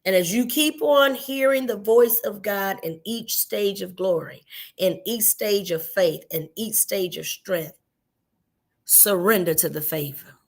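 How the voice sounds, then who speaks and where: A woman's voice: medium pitch, unhurried, vocal fry. Woman, middle-aged, minister, earnest, devotional teaching, repetitive emphasis, personal storytelling. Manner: earnest, repeats phrases for emphasis; tells personal stories to the listener. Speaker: minister giving a midday devotional.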